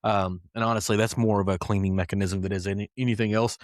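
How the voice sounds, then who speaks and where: A man's voice: fairly low pitch, fairly even intonation, fast talker, no room sound, clean studio sound. A man hosting a casual whiskey podcast, talking loosely with plenty of fillers and asides. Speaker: podcast host.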